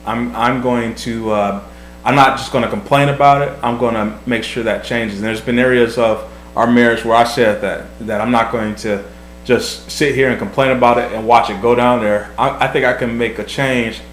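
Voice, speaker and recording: Speaking at normal speed with fairly even intonation and a medium pitch, a husband in his thirties offers marriage advice on his vlog. He's earnest and reflective, often repeating words as he thinks, in an echoey room with a faint hum.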